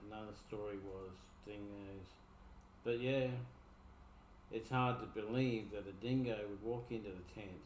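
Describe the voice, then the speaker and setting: A man's voice: lowish voice, a little mellow. An Australian man giving rambling, laid-back commentary as a streamer reacting to videos. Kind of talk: casual commentary. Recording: echoey room, faint noise.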